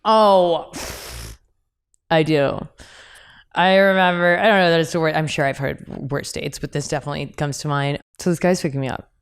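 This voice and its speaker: A young woman hosting a podcast, telling stories in a candid, animated way with laughs and asides. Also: sits low, normal speed, clean tone. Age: young adult. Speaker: podcast host. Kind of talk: casual podcast chat.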